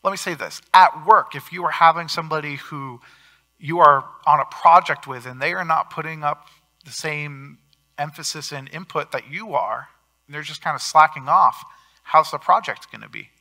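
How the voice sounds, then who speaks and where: A man preaching a sermon as pastor, earnest, with swings in loudness for emphasis. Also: on the high side, moderate pace.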